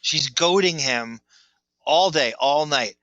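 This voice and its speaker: Bright sarcastic male podcast host. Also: a little high, slow, dry recording, lo-fi sound. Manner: sarcastic, joking asides. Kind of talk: casual reaction commentary.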